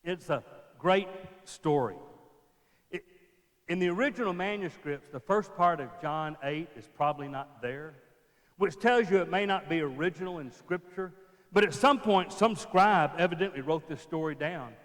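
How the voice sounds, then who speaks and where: A man preaching a sermon in a church, acting out scenes and dropping to a hush for emphasis. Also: on the high side, moderate pace. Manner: acts out scenes, drops to a hushed voice for emphasis. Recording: long church reverb.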